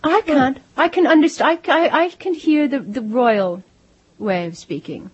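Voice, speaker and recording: A middle-aged woman from Pennsylvania, an author guest in a radio studio interview, talking in an animated way with frequent restarts. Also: high voice, measured pace, husky, muffled recording. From Lancaster, Pennsylvania. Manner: animated, self-interrupting, laughs easily. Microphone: studio microphone.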